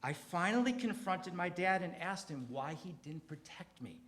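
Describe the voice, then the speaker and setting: A middle-aged man performing a confessional storytelling comedy set on a theater stage, swinging from quiet to loud and emphatic. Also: fairly high pitch, big pitch swings, moderate pace, few pauses.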